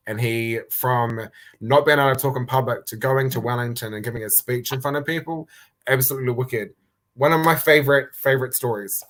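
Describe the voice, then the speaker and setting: Young NZ-man, guest on a video call, lively storyteller who acts out the quotes. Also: mid-range voice, brisk. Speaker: guest, youth worker. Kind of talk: casual chat. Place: indoors, a room.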